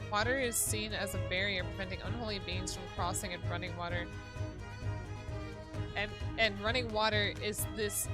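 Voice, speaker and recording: Chatty swearing woman streamer. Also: medium pitch. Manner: chatty, swearing, reads game text aloud. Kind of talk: casual game stream commentary. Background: background music.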